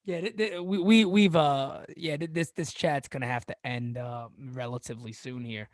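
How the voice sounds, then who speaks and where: A man's voice: fairly high pitch, moderate pace, no echo, clean studio sound. A man hosting a casual sports live-stream chat, joking, laughing often and stammering through repeated words. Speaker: sports channel host.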